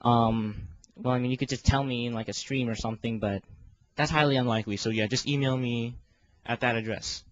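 A man's voice: mid-range voice, steady tone, a little fast, muffled recording. A teenage boy in a casual vlog, rambling and self-deprecating, with lots of fillers and restarts. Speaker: video creator organizing a fan voice series.

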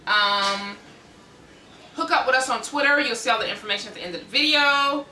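A bright, forceful American woman chats casually about her ministry, animated and quick to laugh. She sits back from the mic in an echoey room. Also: fairly high pitch, distant mic, a little hiss or hum. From United States. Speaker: ministry host. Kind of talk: casual chat.

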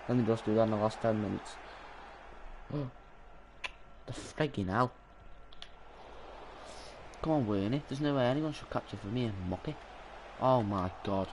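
Excitable young man streaming. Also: on the low side, a little slow, long pauses, a little hiss or hum. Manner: excitable, swears and yells at the game. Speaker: gaming streamer. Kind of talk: live gameplay stream commentary.

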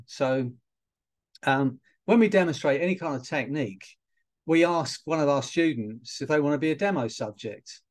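A man, a hypnotherapist and trainer, talking casually to an online audience over a video call, with fillers and small laughs. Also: a little high.

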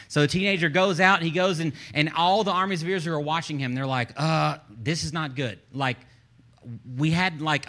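A Texan man preaching a sermon, telling the story with lively energy and acting out the people in it. His voice is bright and forceful and sits a little high for a man. He reads scripture aloud and builds toward shouting at the close. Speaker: pastor.

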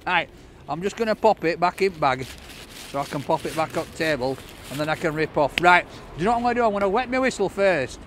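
A man with a high voice talks through a takeaway box in a casual vlog. He is cheerful and chatty and laughs often. He is outdoors, with faint street noise behind him. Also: expressive, a little fast, fairly bright tone. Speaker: food reviewer.

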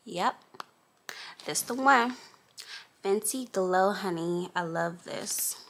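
A woman chatting casually in a vlog from her makeup table, talking to viewers as y'all and honey in a lively, animated way. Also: mid-range voice, slow pace, vocal fry, a little hiss or hum. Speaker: vlogger.

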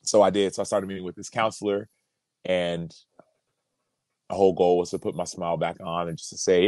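A man's voice: deep voice, little pitch movement, a little fast, pauses often, darkish tone, dry recording. A man in his thirties, a former pro football player, telling a personal story as a podcast guest in an earnest, reflective way, often repeating words as he builds a thought.

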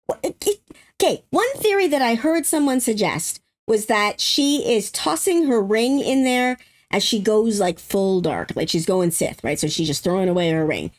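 A young adult woman hosting a casual trailer breakdown, excitable and breaking into squeals and laughs. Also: mid-range voice, moderate pace. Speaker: YouTube host.

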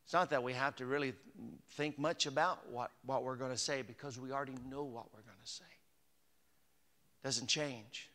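Bright-voiced preaching pastor in a reverberant church. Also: male voice, medium pitch, fairly even intonation, normal speed. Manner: conversational preaching, rising to emphatic peaks. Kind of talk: sermon. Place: church sanctuary. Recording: long hall reverb.

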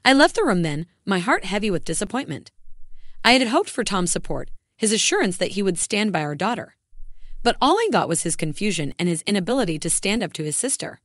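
Expressive woman narrating a story. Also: mid-range voice, a little fast, no room sound, clean studio sound. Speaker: first-person story narrator. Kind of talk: scripted narration.

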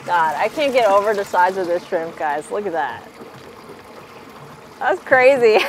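A woman's voice: medium pitch, animated, unhurried, pauses often, slight background noise, low-quality recording. A young woman co-hosting a casual fishing vlog, talking expressively out on a boat. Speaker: co-host, fishing vlogger.

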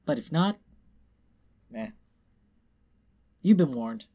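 A man reads a story aloud in a casual, unpolished way. He goes slowly, with a dark, mellow voice. He stumbles over words and drops in offhand remarks. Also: mid-range voice, expressive. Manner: offhand, trips over words, adds asides. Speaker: reader. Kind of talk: casual reading of fan fiction aloud.

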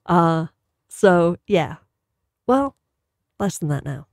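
A woman's voice: lowish voice, expressive, slow pace, darkish tone, no echo. A woman with a British accent, chatting casually as co-host on a gaming livestream and reading out chat messages, laughing often.

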